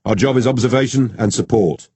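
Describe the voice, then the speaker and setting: A man voicing a calm, dryly joking male detective with a Geordie accent in an audiobook. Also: medium pitch, a little fast, husky, no room sound, pitched above the performer's own voice. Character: male detective, steady and wry.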